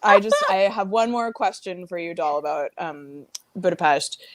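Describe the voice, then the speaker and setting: A woman's voice: lowish voice, lively intonation, moderate pace, dry recording, studio quality. A woman chatting as a guest, rambling with lots of fillers and restarts. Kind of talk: casual chat.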